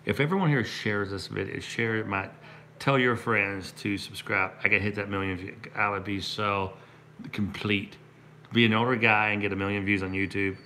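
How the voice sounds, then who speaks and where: A middle-aged man from Kentucky talks to his livestream viewers in a loose, rambling way, restarting sentences and drifting into asides. His voice sits low and carries plenty of gravelly fry, yet it has a bright, forceful edge. A faint noise runs underneath. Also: fairly even intonation, normal speed. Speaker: comedian and prank video host. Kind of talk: casual livestream chat.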